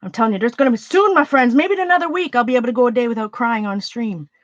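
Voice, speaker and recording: This livestream host paints while talking very fast in a fairly high voice, chatty and rambling as she greets viewers and thinks aloud. She sniffles, and the recording is dry, a little muffled, with no room sound.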